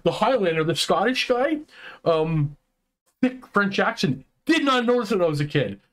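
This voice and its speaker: A man co-hosting a casual online chat, ranting excitedly with many restarts and quick turns. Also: high-pitched. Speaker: podcast co-host.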